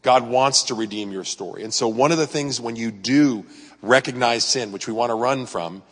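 Pastor preaching in a reverberant sanctuary. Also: male voice, medium pitch, normal speed. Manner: conversational preaching, animated retelling with quoted voices. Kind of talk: sermon. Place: church sanctuary.

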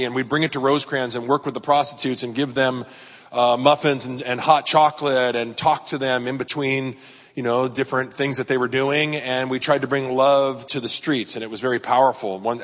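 A man's voice: mid-range voice, fairly bright tone. Middle-aged guy preaching casual, lots of uh and you know, voice rings around a big hall. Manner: rambling, storytelling, frequent fillers and restarts. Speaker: pastor. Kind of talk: conversational sermon. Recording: long hall reverb.

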